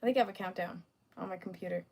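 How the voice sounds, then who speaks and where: A woman's voice: on the low side, racing, gravelly, a little mellow. A young adult woman hosting a livestream, teasing commenters with sassy, laughing casual chat. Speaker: livestream host.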